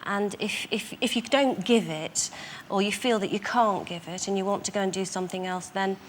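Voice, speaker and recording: A woman with a Northern English accent chats as a talk show guest, pausing and restarting often as she thinks. Her voice sits mid-range in pitch. Faint noise hangs under the studio recording. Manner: hesitant, thoughtful, many fillers and restarts. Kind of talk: casual chat.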